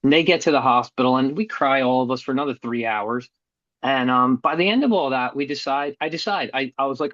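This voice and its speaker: A middle-aged man speaks as a podcast guest, telling his own story in an earnest, blunt way and swearing casually now and then. His voice sits at a plain, average pitch. The sound is muffled and dull, recorded close in a dry room with no echo. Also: brisk, fairly bright tone. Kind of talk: candid personal storytelling.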